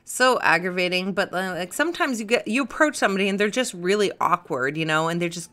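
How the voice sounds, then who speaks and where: Brief: young woman, podcast host, bright forceful voice, loose rambling chat. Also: mid-range voice, lively intonation. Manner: chatty, rambling, quick to laugh. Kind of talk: casual chat.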